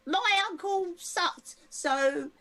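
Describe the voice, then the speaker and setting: Woman, tabletop game player, sassy, playful, very high voice, slow pace. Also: fairly bright tone.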